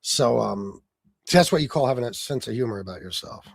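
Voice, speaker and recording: A man's voice: mid-range voice, animated, fairly quick, vocal fry, no room sound. Brash, profane man hosting a livestream. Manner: chats with viewers in the stream chat. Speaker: livestream host. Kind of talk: casual livestream rant.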